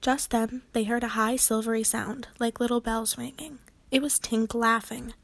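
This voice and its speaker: A woman reads a children's book aloud with clear, expressive storytelling. Her voice sits fairly high. The recording is dry and close. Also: normal speed, no room sound. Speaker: narrator.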